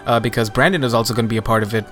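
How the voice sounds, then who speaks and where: A man's voice: mid-range voice, steady tone, racing, a bit bright, soft background music. A man hosting a casual podcast, talking loosely and hesitantly with many fillers and restarts. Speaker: podcast host.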